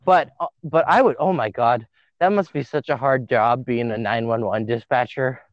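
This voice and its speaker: A man hosting a casual podcast, excitable and swearing freely, often trailing off mid-sentence. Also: medium pitch, moderate pace, no echo. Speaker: podcast host. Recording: dull dry lo-fi sound.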